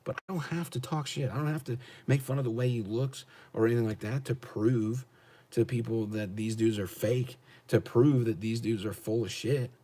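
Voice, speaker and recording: Blunt American man with a mellow voice. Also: mid-range voice, fairly even intonation, normal speed. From United States. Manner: blunt, profane, combative, repeats his questions. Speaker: truck driver streamer. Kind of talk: livestream rant answering chat.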